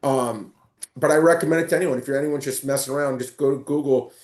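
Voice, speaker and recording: A man on a casual sports podcast, telling animated stories with lots of stumbling restarts. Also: medium pitch, fast talker, roomy sound. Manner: animated storyteller, stumbling restarts and excited retelling. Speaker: guest.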